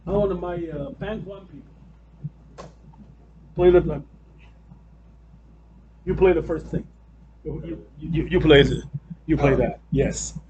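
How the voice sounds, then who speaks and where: Guy teaching a piano class, pretty high voice, chants the beats, bit of hiss behind. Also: takes it slowly, long pauses, darkish tone, highs cut off. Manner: chants rhythms aloud, loose restarting speech. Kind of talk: classroom piano lesson, counting and vocalizing beats.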